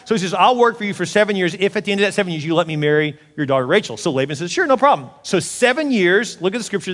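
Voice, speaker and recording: A man in his forties preaching a sermon as a pastor, telling the story in an animated way and acting out the voices. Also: sits high, in a large hall. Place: church auditorium.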